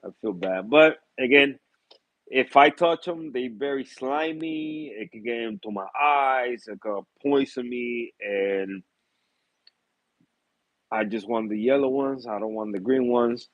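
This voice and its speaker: A man's voice: mid-range voice, slow pace, dry recording, lo-fi sound. A man in a casual, rambling vlog about his reef tanks, full of fillers, easy laughs and repeated apologies. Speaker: reef tank hobbyist vlogger. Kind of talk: casual chat.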